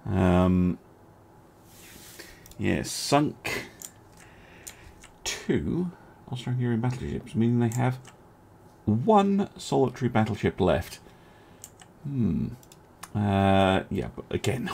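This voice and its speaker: A man's voice: lowish voice, animated, takes it slowly, gravelly, pauses often, darkish tone, slight background noise. A man giving casual, musing commentary on a naval strategy game as host, chuckling often and poking fun at himself. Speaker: gaming video host.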